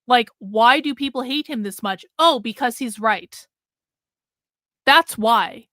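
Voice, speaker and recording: Bright, chatty woman livestream host. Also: on the high side, slow pace, dry recording, clean studio sound. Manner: blunt, chatty, laughs often. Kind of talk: casual livestream commentary.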